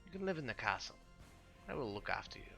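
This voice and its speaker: A man voicing a menacing vampire lord who coaxes quietly and coldly, in a tabletop game. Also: mid-range voice, very animated, fast talker, gravelly, faint music behind, heavily acted. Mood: coaxing.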